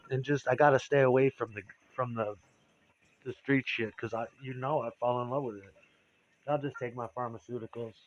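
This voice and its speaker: A man's voice: mid-range voice, dull audio. A man telling a candid, rambling personal story, profane and confessional.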